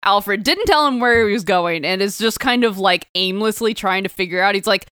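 A woman's voice: medium pitch, normal speed, a bit bright, clean tone, no echo, clean studio sound. A woman co-hosting a casual comic book podcast, laughing often and swearing as she acts out characters' lines. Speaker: podcast co-host.

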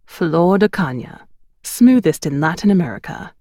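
A man's voice: sits high, animated, unhurried, a little mellow, dry recording, studio quality. A woman voicing a beefy, rumpled male photographer who talks in curt, commanding phrases, in a storybook reading. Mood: grumbling.

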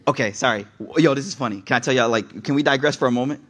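A young man giving a casual sermon, an animated, digressive storyteller who talks straight to the audience. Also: medium pitch, quick pace, few pauses. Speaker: preacher.

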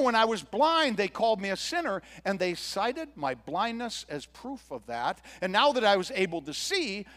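A high-voiced, earnest grown man who was blind and has been healed, as a pastor plays him. He tells his story in a first-person sermon monologue, grateful and sincere, and acts out the other people's lines as he goes. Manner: earnest storytelling with quoted dialogue.

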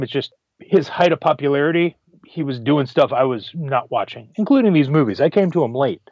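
A man co-hosting a podcast, animated and emotional in casual movie review chat, restarting words as he talks. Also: mid-range voice, no echo, muffled recording. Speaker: podcast co-host.

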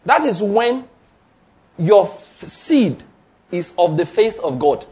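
A man's voice: high-pitched, very animated, takes it slowly, darkish tone. A man preaching a sermon to a congregation, quizzing them with call-and-response questions and repeating his points emphatically, with an occasional laugh. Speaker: pastor. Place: church before a congregation.

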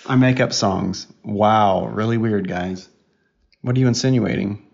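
Teasing podcast dad, gravelly low voice, kinda muffled lo-fi sound. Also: male voice, a little slow, darkish tone. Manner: teasing, playful. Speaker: podcast co-host, father. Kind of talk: casual family chat. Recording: dull lo-fi recording.

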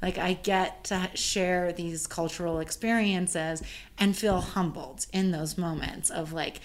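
A woman caterer chatting casually and telling an animated story, full of "like" fillers. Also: fairly low pitch, slow pace. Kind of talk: casual chat.

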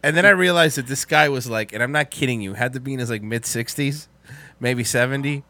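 A man telling profane stories in casual chat, animated and prone to loud outbursts. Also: mid-range voice, fairly quick, dry recording.

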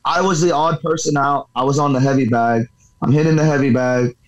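A man's voice: mid-range voice, steady tone, brisk, lo-fi sound. A man who fights professionally and coaches boxing, telling a story in a casual interview, rambling, swearing freely and leaning on filler words.

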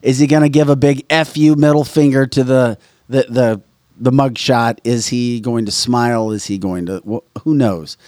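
A man with an average pitch co-hosts a live talk show, joking and emphatic with quick asides. The sound is dry and close in a small studio. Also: darkish tone, dry recording. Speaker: co-host. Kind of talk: casual talk show banter and live sponsor read.

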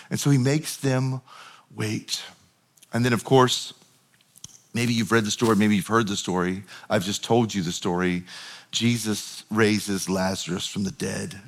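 A man preaching a sermon, telling a Bible story in a conversational, animated way. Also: medium pitch, normal speed. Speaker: pastor.

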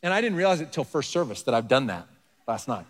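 A man's voice: mid-range voice, very animated, fast. A man preaching a conversational sermon as pastor. He asks the congregation rhetorical questions and leans hard on key words. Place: church sanctuary. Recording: long reverb of a large hall.

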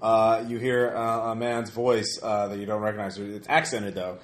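A man's voice: fairly low pitch, flat delivery, normal speed. Man running a tabletop game. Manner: loose narration with many ums and uhs. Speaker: game master. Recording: roomy echo.

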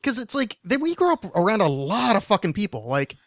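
A man in his thirties with a slightly raised, strained voice that is going hoarse, talking loosely and swearing as he hosts a podcast. He rambles and laughs between points. The sound is close and dry, with no room around it. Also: high-pitched, sing-song, brisk, fairly bright tone, dry recording. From New Jersey. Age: 30s. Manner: rambling, profane, laughs often. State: losing his voice. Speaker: podcast host. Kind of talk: casual podcast chat.

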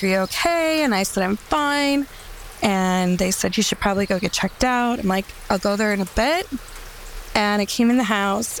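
A woman with a gravelly, fry-laced voice at a middle pitch recounts a mishap of her own. She tells it wryly and pokes fun at herself, taking her time. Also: a little hiss or hum, low-quality recording. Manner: wry, self-mocking, unhurried. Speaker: listener telling a story. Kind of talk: casual personal storytelling.

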